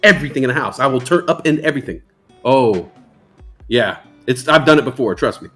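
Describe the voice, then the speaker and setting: Animated, joking livestream host. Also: male voice, medium pitch, brisk, slightly rough, faint music behind. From New York. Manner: playful, jokey, reads chat aloud. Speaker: livestream stock trading host. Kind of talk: casual livestream chat.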